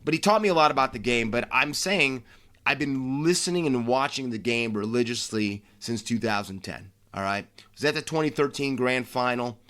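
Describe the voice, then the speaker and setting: A man's voice: medium pitch, lively intonation, moderate pace, a bit bright. An American man hosting a solo sports podcast, talking casually with brash flair and frequent restarts. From United States. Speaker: podcast host.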